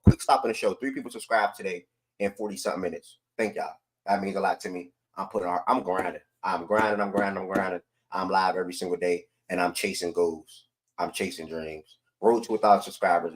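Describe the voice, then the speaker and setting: A man hosting a live sports talk stream, frustrated and emphatic, repeating his points and swinging between loud outbursts and quiet asides. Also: sits low, low-quality recording. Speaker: sports show host.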